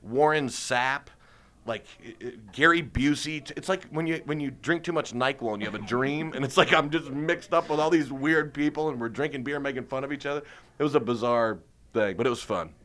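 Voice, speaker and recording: A male comedian in casual conversation, his voice bright and ringing. He tells stories with energy and often breaks into laughter. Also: mid-range voice, brisk. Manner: animated storyteller, laughs often. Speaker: stand-up comedian, interview guest. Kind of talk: casual interview chat.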